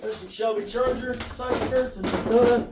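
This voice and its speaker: Out in the cold, a man unloads a trailer of car parts and narrates casually as he works, his voice extremely high with fairly even intonation. He lifts and hauls while talking, out of breath, with breathy pauses. The camera audio sounds echoey and distant, with clear noise.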